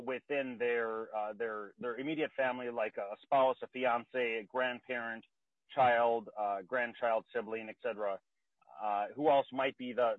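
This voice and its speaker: A breathless man testifies over a thin, phone-like line with no room around the voice. His speech is halting and full of fillers and restarts. His pitch sits at a middling level. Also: no echo. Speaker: state legislator presenting a bill. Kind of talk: remote committee testimony. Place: outdoors near a car. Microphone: phone call. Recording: tinny dry phone line.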